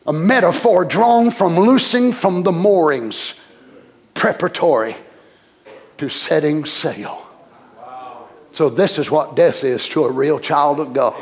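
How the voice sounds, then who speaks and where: A man preaching a sermon, passionate, swinging from shouts down to whispers. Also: a little high, takes it slowly, pauses often.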